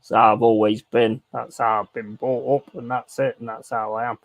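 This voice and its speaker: A laddish man on a casual live stream, his voice a bit rough and gravelly. He rambles through a story, swearing freely, with asides like "and all this, that and the other." The sound is close and dry, with no room around him. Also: mid-range voice, little pitch movement, normal speed, dry recording. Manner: rambling anecdote with repeated asides. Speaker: streamer playing a football management game.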